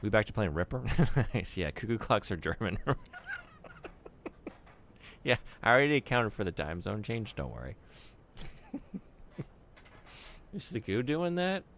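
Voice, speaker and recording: A man's voice: lowish voice, big pitch swings, a little slow, long pauses, fairly bright tone, a little hiss or hum. A young man streaming a game, joking and teasing his viewers in casual chat.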